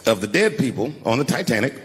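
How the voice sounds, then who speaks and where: Man in his fifties doing stand-up, lively pitch. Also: fast talker, heavy background noise. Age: 50s. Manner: laid-back storytelling with crowd laughter breaks. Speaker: stand-up comedian. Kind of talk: stand-up comedy set. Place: large theater stage. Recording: reverberant hall with loud crowd.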